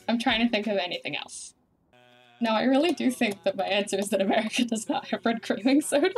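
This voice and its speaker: A woman with an Australian accent, a streamer chatting casually and rambling animatedly while she plays a game. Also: on the high side. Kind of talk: casual chat while gaming.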